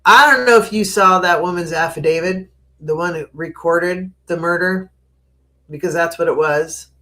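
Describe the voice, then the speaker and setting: A woman's voice: on the low side, moderate pace, sharp tone. A woman hosting a casual live stream, chatting, reading out viewer comments, laughing often and giving frank opinions on the news. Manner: frank and opinionated on current events.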